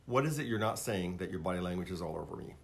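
A man's voice: sits low, expressive, quick pace, creaky. A man, a marriage counselor guest, talking casually and emphatically, telling stories and affirming the others. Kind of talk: casual conversation.

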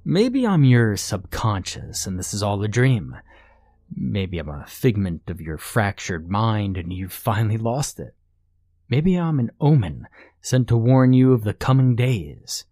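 A man's voice: on the low side, very animated, unhurried, mellow, no room sound. A man voicing a grinning, sinister male doppelganger who calls himself God, speaking in a smug, mocking, commanding way.

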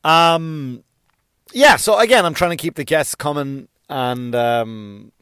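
A man's voice: on the high side, slow, pushed and bright, clean tone, no echo, studio quality. A middle-aged man hosting his own podcast, rambling through a comedic monologue with self-deprecating asides and sudden sung outbursts. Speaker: podcast host. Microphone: podcast microphone.

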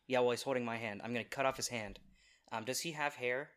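A man playing a tabletop game, casual and a bit hesitant as he declares actions. His voice is bright and forceful, at an ordinary pitch. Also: fast talker. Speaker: player.

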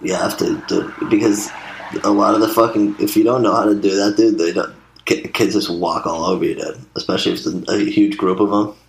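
Young man, very low voice, laid-back banter full of swearing, roomy sound with light noise. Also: steady tone, brisk, gravelly. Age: young adult. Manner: laid-back, swears a lot, says dude often. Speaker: former camp counselor. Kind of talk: casual chat.

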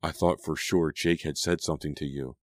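Male reader doing a blunt teen girl friend, low, dry close sound. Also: fairly even intonation, a little fast, a little mellow, dry recording. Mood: concerned. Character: concerned teenage girl, frank best friend.

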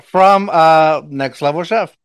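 Excitable rambling podcast host with Mexican accent. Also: male voice, fairly high pitch, takes it slowly, smooth, no echo, studio quality. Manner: excitable and rambling, laughs often, restarts sentences. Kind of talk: casual podcast chat.

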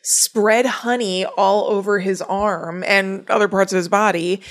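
A woman's voice: mid-range voice, steady tone, unhurried. Chatty woman recapping a movie. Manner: chatty, summarizing plot with asides. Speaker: podcast co-host. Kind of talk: casual chat recapping a movie.

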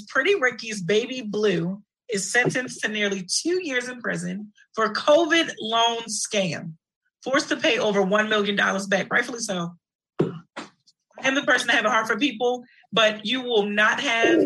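Woman co-host, husky and gravelly, chatty and laughing, high-ish voice. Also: sharp tone, low-quality recording. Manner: chatty, storytelling, laughs easily. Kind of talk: casual chat show.

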